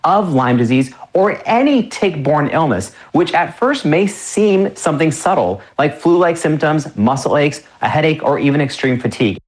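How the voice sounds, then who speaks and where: A woman's voice: deep voice, animated, normal speed, hardly any pauses, a little mellow. A woman medical expert explaining health risks in an interview clip. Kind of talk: interview sound bite.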